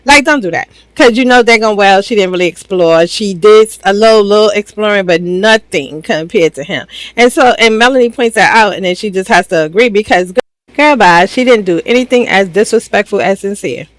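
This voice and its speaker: A woman's voice: medium pitch, a little fast, no echo, low-quality recording. A woman hosting a reality TV reaction video, giving blunt, sassy, slang-filled opinions in casual commentary.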